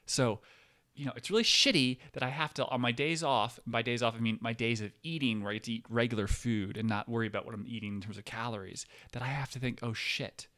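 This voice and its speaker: A man's voice: medium pitch, fast talker, bright, forceful tone. A man ranting casually to his viewers from a chair, swearing often, rambling and cutting himself off. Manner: profane, rambling, self-interrupting. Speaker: vlogger. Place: seated indoors in a chair.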